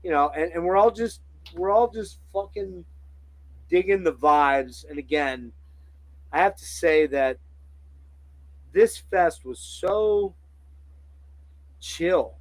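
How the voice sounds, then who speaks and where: A man hosting a casual podcast chat, telling profane, animated stories and acting out the quotes. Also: sits high, slow, long pauses, dry recording, poor audio. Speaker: podcast host.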